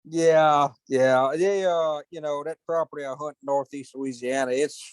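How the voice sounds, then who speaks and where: A man's voice: on the high side, fairly even intonation, clear, resonant tone, no echo. A man telling rambling, colloquial hunting stories in casual chat. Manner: rambling, colloquial, drawn-out storytelling with cursing. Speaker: podcast host.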